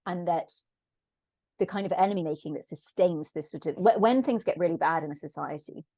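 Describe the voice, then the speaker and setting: A woman talking as a podcast guest, thoughtful and reflective, often pausing to search for words. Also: lowish voice, dark tone, dry recording. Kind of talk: thoughtful conversational discussion.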